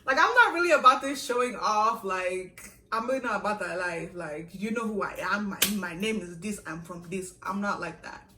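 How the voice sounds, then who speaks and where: A young woman vlogger tells a long story in a lively, chatty way, laughing and adding asides. Her voice is bright, and the room around her is echoey with faint ambient noise. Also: medium pitch, normal speed, hardly any pauses. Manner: animated, laughing, full of asides. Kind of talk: casual storytelling. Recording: echoey room, a little far from the mic.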